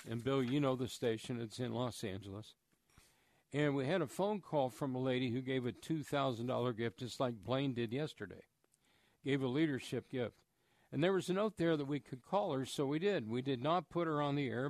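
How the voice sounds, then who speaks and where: A man's voice: mid-range voice, a little mellow, dry recording, studio quality. A man telling a story and urging listeners to give, in an earnest, preacher-like manner on a radio fundraising show. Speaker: charity fundraiser guest on radio.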